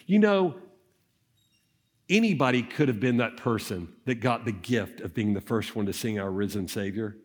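A man preaching an Easter sermon, acting out the scenes of the story as he tells it, at times dropping soft and low. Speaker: pastor.

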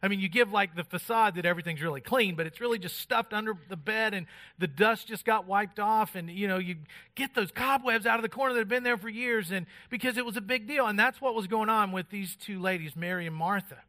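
A man's voice: high-pitched, brisk, few pauses, bright, forceful tone. A middle-aged man preaching a sermon in a conversational way, acting out the voices of people in the stories he tells. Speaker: pastor.

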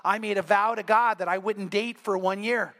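A man preaching a Sunday sermon, telling a story and acting out the dialogue with earnest, animated delivery. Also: high-pitched, normal speed. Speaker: pastor. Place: church.

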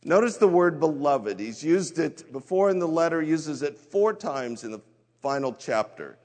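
A man's voice: on the high side, very animated, normal speed, a little mellow. A man preaching a sermon, telling a story and acting out the voices in it. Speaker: pastor. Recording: hall reverb.

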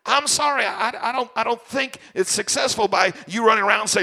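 Bright, high-voiced pastor preaching emphatically. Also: male voice, expressive, normal speed. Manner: emphatic, repeats and restarts phrases. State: tired. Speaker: senior pastor. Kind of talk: sermon.

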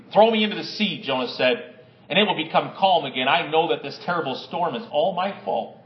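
A man preaching a sermon and reading scripture aloud, with dramatic swings between loud, raised lines and low, hushed ones. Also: lively intonation, brisk, roomy sound, dull audio. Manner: dramatic, varies pitch and loudness, drops low and quiet for emphasis. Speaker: pastor.

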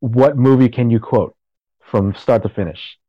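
A man co-hosting a casual podcast chat, relaxed, asking questions and chiming in. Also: mid-range voice, measured pace, no echo, muffled recording. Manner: relaxed, asks questions, short interjections. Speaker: podcast co-host.

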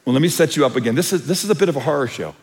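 A man with a fairly high voice preaches a sermon in a big hall, his words trailing in a long reverb. He shifts from earnest explanation into animated storytelling, acting out quotes. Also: very fast. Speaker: pastor.

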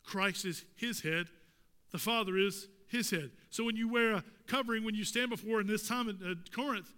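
A man preaching a sermon in a church sanctuary. His voice sits high and sounds bright and forceful, and he keeps asking the congregation rhetorical questions. The room adds a long, ringing reverb. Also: normal speed, smooth. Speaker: pastor.

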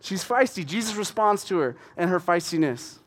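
A man with a fairly high voice preaches a casual, conversational sermon. He is animated and often restarts his sentences. He acts out the people in his story as he goes. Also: moderate pace.

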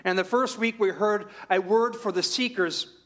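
A man's voice: high-pitched, normal speed, a bit bright. A man preaching a sermon in an earnest manner, repeating rhetorical questions with shifting emphasis.

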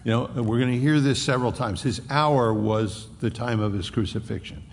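Gravelly man preaching in a hall. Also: medium pitch, moderate pace, a little hiss or hum. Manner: animated, emphatic, repeats phrases for stress. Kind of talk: expository sermon. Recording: long reverb of a large hall.

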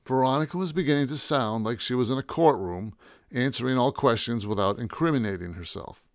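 A man narrating a first-person story in a wry, deadpan way. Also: mid-range voice, brisk, dry recording, studio quality. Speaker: audiobook narrator.

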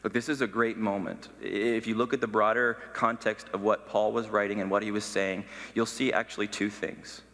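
A pastor preaching a sermon, teaching in an emphatic way. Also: male voice, on the low side, little pitch movement, normal speed, hardly any pauses, fairly bright tone, in a large hall.

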